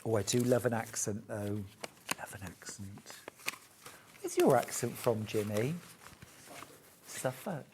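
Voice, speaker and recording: A middle-aged woman with a low voice hosts a live shopping channel demonstration. She is chatty and upbeat, full of little jokes and asides as she shows off products. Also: lively intonation, takes it slowly, pauses often, noisy background.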